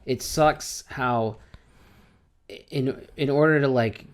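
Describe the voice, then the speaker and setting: A man co-hosting a podcast in easy, jokey conversation. He spins sketch ideas out loud and slips into quoted voices as he goes. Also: mid-range voice, takes it slowly. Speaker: podcast co-host. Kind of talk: casual chat.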